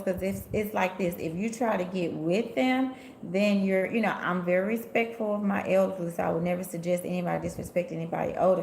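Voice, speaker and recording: A sassy Memphis woman with a gravelly, medium-pitched, slightly mellow voice hosts a live stream as a tarot reader and spiritual healer, chatting casually and reading viewer comments. She's a chatty storyteller who laughs often and speaks straight to her viewers, in an echoey room with a little hiss or hum.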